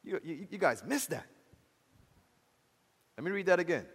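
A man preaches with a notably high voice, rising to loud declarations and then dropping low and hushed. He calls out directly to his congregation. His voice rings through a church with a long, lingering reverb. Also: big pitch swings, moderate pace, breathy edge. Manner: impassioned, rises loud then drops low and soft. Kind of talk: sermon.

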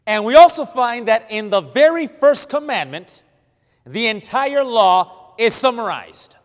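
A man's voice: very high-pitched, lively intonation, a little slow. Cuban-born man preaching in a reverberant church. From Cuba. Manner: stammering restarts, self-deprecating humor; rising to loud emphatic scripture reading. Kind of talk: sermon. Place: church sanctuary. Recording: long hall reverb.

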